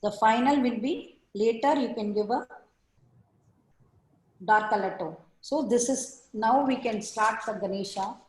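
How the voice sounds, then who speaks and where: A woman's voice: a little high, measured pace, a little mellow. A woman teaching an online art class, giving patient step-by-step instructions over a video call. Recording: echoey room on a video call.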